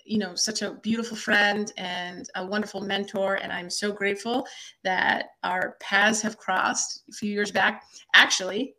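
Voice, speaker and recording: A woman's voice: mid-range voice, fairly even intonation, unhurried, pushed and bright. A woman hosting a podcast, introducing her guest with effusive, gushing praise. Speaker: podcast host.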